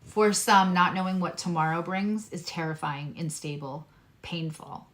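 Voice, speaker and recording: A woman's voice: on the low side, moderate pace, fairly bright tone. A woman astrologer giving a casual, earnest tarot reading, speaking straight to her viewers in a reassuring way.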